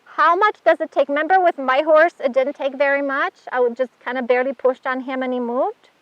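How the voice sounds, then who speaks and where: Her voice is high and brisk, with fairly even intonation and no echo. As an instructor, she chats through a hands-on demonstration of handling a horse, complimenting the animal while she works, captured in a dull, dry recording.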